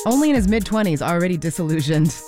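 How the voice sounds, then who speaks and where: A woman's voice: on the low side, lively intonation, fast talker, over music. A woman radio DJ hosting a morning show, chatting loosely with fillers and self-corrections and making a pledge drive appeal from a radio studio. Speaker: radio DJ host. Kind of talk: casual on-air chat and pledge drive appeal.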